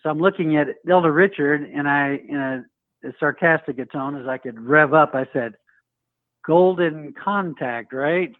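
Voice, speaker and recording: Male caller, lively storyteller on a tinny phone line, dry sound. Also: on the high side, moderate pace, no echo. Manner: storytelling, acts out quoted voices. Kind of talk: telling a personal story.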